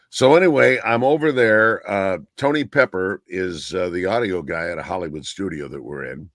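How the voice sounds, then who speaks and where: A man's voice: low voice, normal speed, hardly any pauses, a bit bright, no echo, studio quality. A man on a radio-style chat show, telling rambling anecdotes and often looping back with "so anyway". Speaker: guest radio personality.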